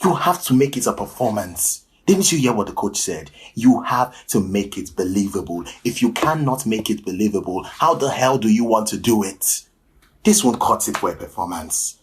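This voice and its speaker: A man's voice: fairly low pitch, animated, slight background noise, pitched above the performer's own voice, lightly acted. A man playing a stern scolding acting coach. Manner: scolding, drawn-out, loud.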